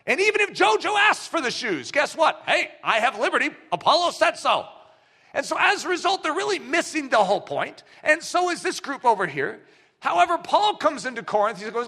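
A man preaching a sermon, telling a story with acted-out dialogue in an animated way. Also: extremely high pitch, moderate pace.

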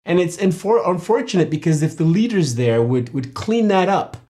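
A middle-aged man from Nigeria, a guest in a casual interview, talking in an animated storytelling way and laughing often. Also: high voice, normal speed.

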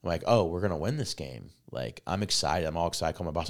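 Deep-voiced guy on a podcast, rambly and excitable, swears a lot, says like constantly. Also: fairly quick, creaky, hardly any pauses. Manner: rambling, excitable storytelling, heavy swearing, many fillers. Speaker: podcast co-host. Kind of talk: casual chat.

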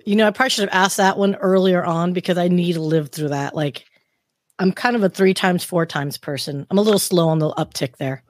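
A woman from Southern California hosting a podcast in an upbeat, chatty way, giving shout-outs. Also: on the low side, a little fast, no echo, studio quality. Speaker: podcast host. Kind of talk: casual podcast chat.

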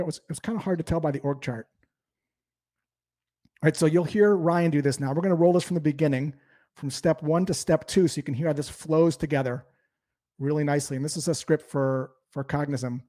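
A man teaching cold-call technique in an energetic, explanatory way. His voice is mellow and sits a bit above the usual male pitch, and he moves between explanation and quick demonstrations. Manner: explanatory, lively coaching. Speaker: sales trainer. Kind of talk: instructional talk.

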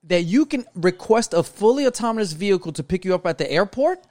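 A young man from New York talking loosely on a podcast, his voice sitting on the higher side. He rambles, piles up fillers and restarts his thoughts. The sound is dry and close to the mic. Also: expressive, fast talker, a little mellow, no echo. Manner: loose, rambling, lots of "like" and "you know". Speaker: podcast co-host. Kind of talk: casual podcast chat.

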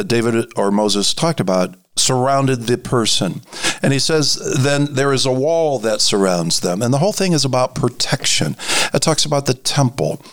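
A man preaching an informal sermon, halting, with many fillers and restarts, and dropping to a hushed voice for emphasis. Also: mid-range voice.

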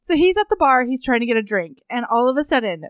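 Amused woman with a lively, dry-sounding voice. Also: on the high side, fast, smooth, dry recording. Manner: wry, laughs often, recaps a book in an amused tone. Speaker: podcast co-host. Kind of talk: casual chat.

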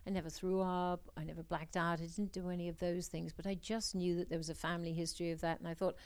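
Frank middle-aged woman, gravelly low voice. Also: little pitch movement, quick pace, darkish tone. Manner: frank, emphatic, candid. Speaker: talk show guest. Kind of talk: casual interview chat.

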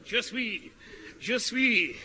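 An excitable, gullible young hero with a very high, eager and theatrical voice that bounces around in pitch. He giggles through his lines. He is heard on an old radio comedy recording under loud hiss. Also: drawn-out words, exaggerated voice. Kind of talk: 1950s radio comedy acting.

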